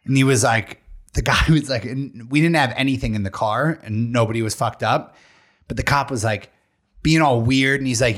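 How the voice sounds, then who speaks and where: A man's voice: mid-range voice, normal speed, fairly bright tone. A young man in casual chat who swears freely and laughs along while telling a story.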